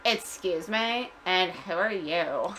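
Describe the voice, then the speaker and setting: Stuck-up young Valley Girl, a woman voicing her: nasal and drawling, slow and snooty. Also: mid-range voice, expressive, a little hiss or hum, close to an everyday voice, low-quality recording.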